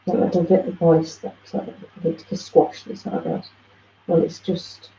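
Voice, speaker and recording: A woman's voice: fairly low pitch, flat delivery, a little fast, mellow. A woman attending a satsang, hesitantly sharing her experience with the teacher. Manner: hesitant, searching for words. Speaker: satsang participant. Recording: roomy dull audio with faint noise.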